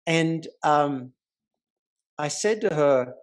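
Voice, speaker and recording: A man's voice: medium pitch, moderate pace. A man, a life coach, telling a story as the guest in a casual remote interview. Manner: animated, vivid storyteller. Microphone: remote call.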